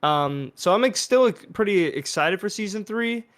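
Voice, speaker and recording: Higher-voiced man, hesitant podcast co-host. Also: animated, normal speed, a bit bright. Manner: hesitant, filler-heavy, restarts. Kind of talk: casual podcast chat.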